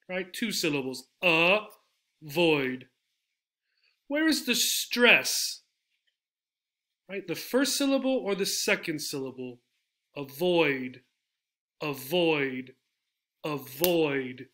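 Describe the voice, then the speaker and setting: A man teaches a slide-based English pronunciation lesson, patiently repeating each model word several times. His voice is high, pushed, and bright.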